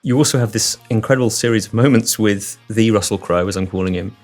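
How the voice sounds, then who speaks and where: A man's voice: on the low side, fast talker, faint music behind. A British man interviewing a guest as a film critic, playful and jokey, with questions that ramble. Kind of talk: casual interview.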